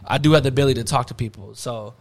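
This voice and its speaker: A man's voice: medium pitch, racing. A young man telling a story in a casual chat, laid-back and full of slang and fillers. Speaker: podcast host.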